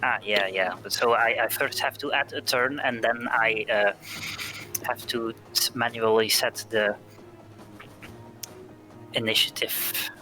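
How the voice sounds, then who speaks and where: A man's voice: medium pitch, fairly even intonation, measured pace, pauses often, bright, forceful tone, faint music behind, rough recording. A man running a tabletop game as dungeon master, explaining rules at length with many fillers.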